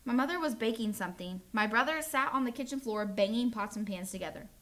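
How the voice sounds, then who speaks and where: A woman teacher reading a children's chapter book aloud to her students, in a friendly, animated storytelling way. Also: fairly high pitch, fast.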